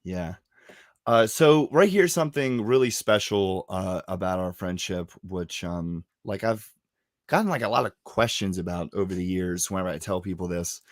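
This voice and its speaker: A man's voice: deep voice, normal speed, no echo. Profane storytelling man, dry sound. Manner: profane, storytelling, animated quoting. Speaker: podcast host. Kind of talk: casual chat.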